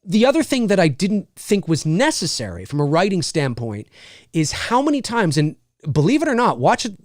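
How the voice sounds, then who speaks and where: Animated man giving an off-the-cuff film review. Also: high voice, moderate pace, dry recording, clean studio sound. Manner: thinks aloud with frequent restarts. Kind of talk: unscripted spoken film review.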